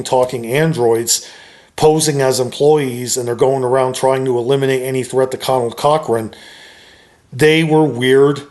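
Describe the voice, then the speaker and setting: A man talking straight to his viewers, giving his opinion of a horror film in a relaxed, conversational way with frequent hedges. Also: mid-range voice. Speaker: YouTuber reviewing a film. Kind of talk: casual opinion monologue.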